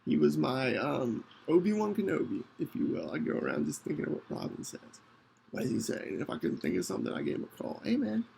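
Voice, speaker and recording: A man with a deeply gravelly, fried voice tells a personal story on his podcast. His pitch swings in a lively way, a little above the usual male range, and he speaks earnestly with frequent restarts. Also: a little hiss or hum, low-quality recording. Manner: earnest, halting, with many restarts. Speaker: podcast host.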